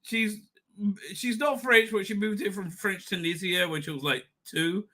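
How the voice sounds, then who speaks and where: A middle-aged man hosting a live stream, tipsy and rambling with many halting restarts. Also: sits high, sharp tone.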